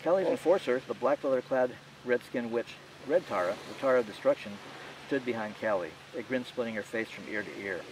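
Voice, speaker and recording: A male author narrating his novel in a steady, measured reading. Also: mid-range voice, far from the mic, a little hiss or hum, low-quality recording. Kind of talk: audiobook narration.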